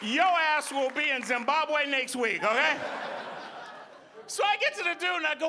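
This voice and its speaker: A man doing loud, profane stand-up comedy on a club stage and teasing the audience. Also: very high-pitched, expressive, normal speed, crowd noise, background noise. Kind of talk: live stand-up comedy with crowd work.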